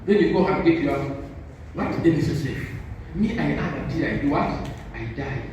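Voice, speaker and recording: A man's voice: fairly high pitch, normal speed. An older man giving a motivational talk to teachers, preachy and insistent, leaving sentences open for the audience to finish. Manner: call-and-response, leaves sentences open for the audience to finish with "what?". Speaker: motivational speaker. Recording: echoey hall from far off with faint noise.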